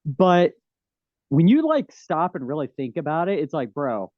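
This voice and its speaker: A man's voice: on the high side, big pitch swings, a little slow, no echo, muffled recording. A man talking casually and animatedly on a podcast, rambling with many fillers.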